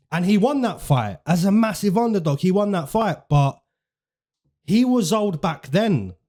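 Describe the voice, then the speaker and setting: Slangy guy talking fight picks, kinda high mellow voice, says stuff twice. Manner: chatty, repeats phrases for emphasis, slangy. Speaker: fight prediction host. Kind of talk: casual commentary.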